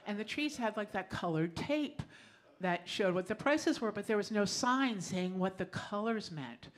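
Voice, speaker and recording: A woman's voice: medium pitch, lively intonation, unhurried. A middle-aged woman performing a personal story live on a small club stage, conversational and often laughing as she tells it.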